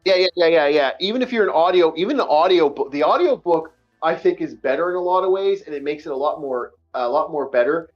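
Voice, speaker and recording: A man hosting a casual online book-review chat, emphatic and animated, repeating himself often. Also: a little high, fast talker, hardly any pauses, highs cut off, faint music behind. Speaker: podcast host.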